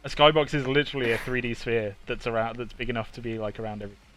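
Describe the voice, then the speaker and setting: A man with a British accent chatting casually on a stream, halting and laughing easily. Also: mid-range voice, noisy background. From Britain. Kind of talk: casual chat.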